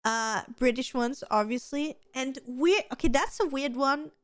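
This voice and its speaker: A woman's voice: sits high, a little slow, no room sound. Gushing, giggly woman in her thirties. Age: 30s. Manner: gushing, giggly and freely swearing. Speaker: podcast co-host. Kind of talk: casual chat.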